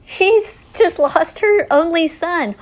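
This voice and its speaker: A woman's voice: very high voice, takes it slowly. A woman hosting a devotional talk while she paints, telling the story earnestly and often dropping to a near whisper. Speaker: host.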